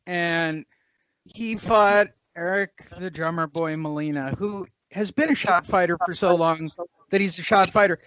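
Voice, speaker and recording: A man's voice: high voice, measured pace, a bit bright, no room sound, lo-fi sound. A man hosting a boxing talk show, sarcastic and mocking as he reviews fights. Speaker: boxing podcast host. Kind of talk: casual sports talk.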